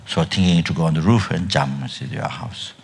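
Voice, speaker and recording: This older Buddhist teacher's voice sits low yet sounds a bit bright and very animated as he gives a dharma talk at a retreat. He speaks haltingly with many restarts and trailing phrases, often coughing and clearing his throat.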